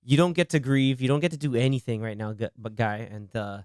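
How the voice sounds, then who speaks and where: A man's voice: medium pitch, steady tone, brisk, darkish tone, clear, resonant tone, no room sound. A man hosting a casual movie podcast, talking with animation and acting out scenes in quoted voices on a studio mic. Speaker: podcast host.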